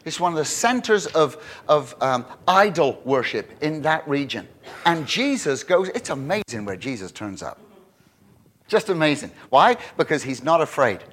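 A man delivering a sermon in an animated, emphatic way. His voice sits a bit higher than most men's, and he keeps stopping and restarting to press a point. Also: normal speed. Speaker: pastor.

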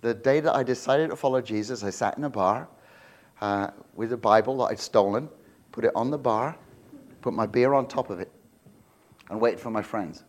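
A man preaching a sermon as pastor. He gets loud and high on emphasis, drops low and quiet for stories, and restarts his words often. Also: normal speed. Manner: animated, loud and rising on emphasis, with many restarts.

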